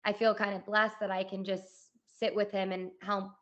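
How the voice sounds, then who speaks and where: A woman's voice: medium pitch, little pitch movement, moderate pace, a bit bright, muffled recording. A woman in her thirties hosting a podcast interview, chatting casually with plenty of "like" and "you know". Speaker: podcast host.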